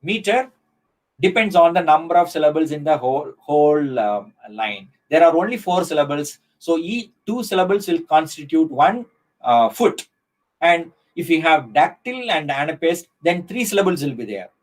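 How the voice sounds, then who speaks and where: A middle-aged man with an Indian English accent giving a live online lecture, speaking slowly and deliberately with many fillers and restarts. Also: a little high, very animated, low-quality recording.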